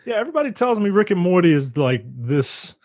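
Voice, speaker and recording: A man's voice: sits high, big pitch swings, fairly quick, a little mellow, no echo. A man co-hosting a podcast in casual chat, rambling and swearing. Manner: rambling, swears, acts out quotes. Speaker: podcast co-host.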